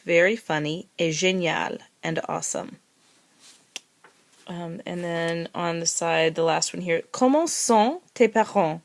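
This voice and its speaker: A woman teaching a recorded language lesson, who says phrases slowly, repeats them and spells words letter by letter. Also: fairly low pitch, gravelly. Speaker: French teacher.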